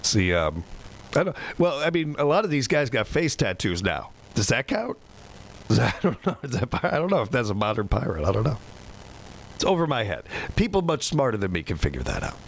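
A man's voice: mid-range voice, big pitch swings, moderate pace, vocal fry, a little hiss or hum, poor audio. A man hosting a country music radio show, talking in a folksy, rambling, self-deprecating way. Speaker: radio host. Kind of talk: casual radio show chat.

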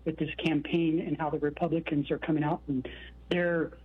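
A man's voice: on the high side, level tone, moderate pace, slightly rough. A man calling in to a radio show, earnest and rambling. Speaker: caller. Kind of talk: phone-in call. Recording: tinny phone line.

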